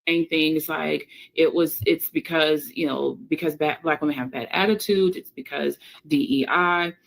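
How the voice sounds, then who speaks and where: Low, gravelly woman commentator. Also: steady tone, poor audio. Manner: earnest, measured, many fillers. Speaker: video commentator. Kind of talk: social media commentary.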